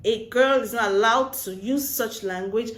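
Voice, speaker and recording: A woman giving casual relationship advice in a vlog, telling stories in an animated way and slipping into pidgin phrases. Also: on the high side, moderate pace. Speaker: Christian relationship vlogger. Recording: roomy echo.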